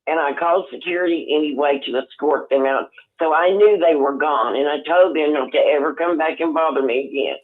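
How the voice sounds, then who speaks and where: An older man calling in on the phone, talking in a rambling, halting way with many restarts. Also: fairly high pitch. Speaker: caller. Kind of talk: casual phone chat. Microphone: telephone. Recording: tinny phone line.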